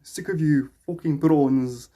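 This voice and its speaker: A man voicing a gruff Afrikaans-accented man who shouts insults, with a gravelly, husky voice. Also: on the high side, takes it slowly. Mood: mocking. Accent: Afrikaans South African.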